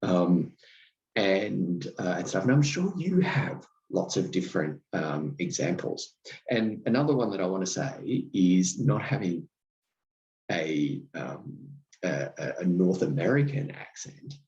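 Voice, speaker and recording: Australian male podcast host, deep voice with lively intonation, reflective storyteller, roomy room sound. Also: lo-fi sound. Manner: thoughtful, unhurried storytelling. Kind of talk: reflective solo podcast talk.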